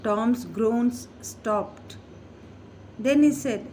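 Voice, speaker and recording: A woman reads a story aloud, taking it very slowly and clearly so learners can follow. Her voice sits a little high, and she lifts it into small acted voices when the characters talk. A faint noise runs under the recording. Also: lively intonation. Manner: slow, careful reading with acted character voices. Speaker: storyteller reading a graded reader.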